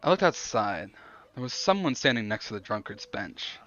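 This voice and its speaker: A man streaming himself reading an interactive story aloud, thinking out loud between the narration. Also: on the low side, very animated, normal speed, no echo, muffled recording.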